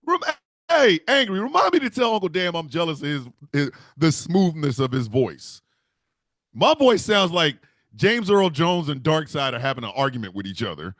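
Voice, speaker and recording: A man's voice: on the high side, big pitch swings, normal speed, fairly bright tone, dry recording, studio quality. A man hosting a casual stream, talking emphatically, swearing and laughing often. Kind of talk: casual livestream chat.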